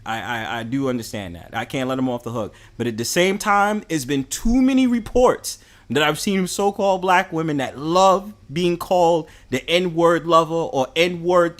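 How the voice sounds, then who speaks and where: A man with a New York accent hosting a casual livestream, talking streetwise slang in an insistent, repetitive way. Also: fairly high pitch. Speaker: livestream host.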